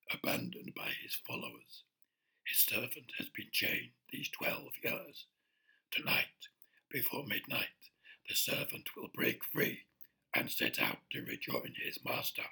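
Casting: deep, harsh prophetic seer in a trance, slow and gravelly, swinging wildly in pitch. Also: female voice, huge pitch swings, bright, forceful tone, whispered, exaggerated voice. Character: entranced female seer speaking in a trance voice. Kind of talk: audiobook character voice.

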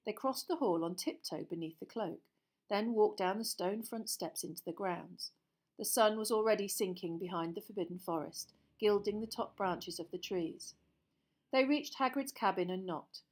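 Casting: woman narrator, mid-pitched, measured and expressive for an audiobook. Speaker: audiobook reader.

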